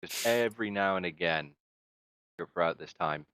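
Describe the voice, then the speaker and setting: A man narrating as game master of a tabletop game, halting and hesitant as he describes scenes. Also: low voice, fairly bright tone, smooth, dry recording.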